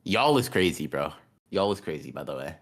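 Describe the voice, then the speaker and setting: A man's voice: a bass voice, very animated, brisk. A man co-hosting a podcast in a casual livestream chat, rambling and cursing, often repeating his words. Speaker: podcast co-host.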